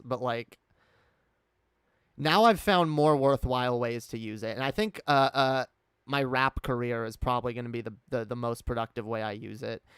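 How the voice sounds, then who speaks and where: A man talking in a candid, rambling way, full of fillers and restarts. His voice is smooth and resonant, at a middling pitch, recorded dry and close. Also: no echo. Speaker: streamer. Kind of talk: casual personal chat.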